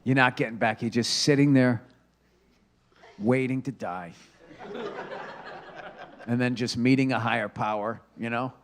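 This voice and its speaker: A man hosting a podcast with a comedic monologue. He rants profanely and swings between loud outbursts and low muttering. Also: steady tone, unhurried, long pauses. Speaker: podcast host.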